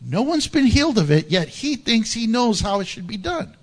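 Delivering a church sermon at a normal pace, this pastor has a very high-pitched voice. He's animated and humorous, laughing frequently and acting out stories from the Bible.

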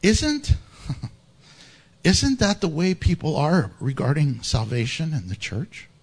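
A man preaching a sermon as pastor in a church, animated and humorous, laughing often and acting out Bible stories. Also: on the high side, takes it slowly, slightly rough.

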